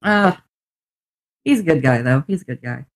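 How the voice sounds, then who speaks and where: A woman's voice: very deep voice, normal speed, no room sound. A woman co-hosting a podcast, telling a personal story in casual chat and acting out both sides of each exchange. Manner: animated storyteller who acts out both sides of conversations and laughs often; swears casually. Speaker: podcast co-host.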